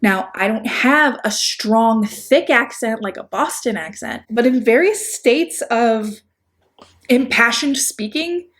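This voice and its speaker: Speaking slowly in a fairly high, bright, animated voice, this woman has a Chicago accent and works as a commentary YouTuber. Her casual video-essay commentary on a video is sarcastic, rambling, and self-deprecating, with frequent restarts and asides.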